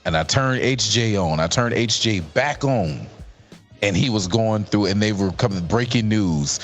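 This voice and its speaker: A man's voice: fairly low pitch, unhurried, faint music behind. A man on a casual livestream, telling stories animatedly in slangy talk.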